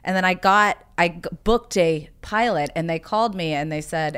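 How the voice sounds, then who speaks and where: A woman's voice: sits low, a little fast, hardly any pauses, a bit bright, smooth. A woman from South Carolina, a podcast guest, telling stories in casual chat with many "like" fillers. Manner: chatty storyteller, fillers of "like".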